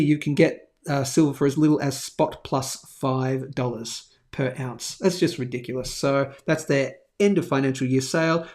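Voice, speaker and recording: Gravelly-voiced chatty man. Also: on the high side. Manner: chatty, rambling, lots of fillers and asides. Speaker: host of a live precious metals show. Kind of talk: casual live-stream chat and product plug.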